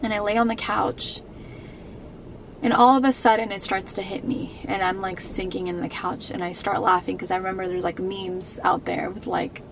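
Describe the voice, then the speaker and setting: A woman's voice: medium pitch, flat delivery, normal speed, slight background noise, low-quality recording. A young adult woman vlogging to camera, telling a personal story in an emotional, rambling way with many fillers and restarts.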